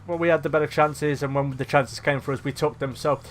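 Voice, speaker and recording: A man's voice: a little high, fairly even intonation, a little fast, soft background music. A young man commentating on his own game in a casual let's-play, laughing at himself and swearing when chances are missed. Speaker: gaming commentator.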